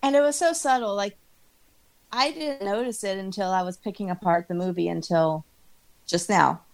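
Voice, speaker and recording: A middle-aged woman talking casually on a podcast at a medium pitch. She is lively and laughs often, and she acts out her own reactions as she talks. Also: moderate pace. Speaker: podcast co-host. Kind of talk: casual chat.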